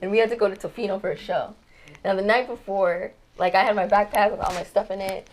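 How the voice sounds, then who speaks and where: A woman's voice: mid-range voice, fairly even intonation, fast talker, slight background noise, rough recording. A woman guest musician in casual chat, telling stories with lots of fillers in a studio lounge. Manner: chatty storyteller, many fillers like "like" and "um".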